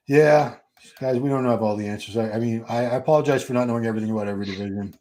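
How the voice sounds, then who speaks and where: A man's voice: mid-range voice, rapid-fire, darkish tone. A man in his fifties hosting a live watch party stream, chatting casually, restarting his sentences and talking to the chat. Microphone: streaming setup.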